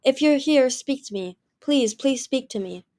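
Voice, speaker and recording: A woman's voice: high voice, lively intonation, a little slow, mellow, pitched above the performer's own voice. A woman voicing a lonely, grieving male dragon who pleads and turns bitter, in an audiobook reading. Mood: pleading. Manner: pleading, raised and emotional.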